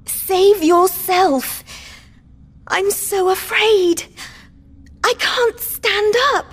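A woman's voice: high-pitched, lively intonation, slow, a little mellow, voice pushed up. A woman voicing a frightened, dying young woman in a storybook reading, breathless and pleading. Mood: terrified.

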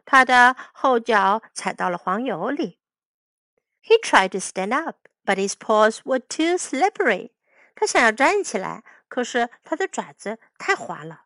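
A woman's voice: a little high, very animated, measured pace, fairly bright tone, no room sound. A woman teacher reading a children's story aloud, each line in English and then in Chinese.

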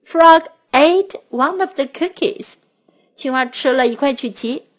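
A woman teacher reading a children's picture story aloud, gently and expressively, switching between two languages. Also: high-pitched, unhurried.

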